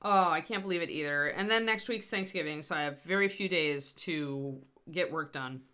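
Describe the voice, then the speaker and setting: A woman's voice: sits low, moderate pace, sharp tone, clear, resonant tone. A middle-aged woman hosting a live miniature painting tutorial, chatty and self-deprecating, talking through her steps with scattered asides. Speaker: host.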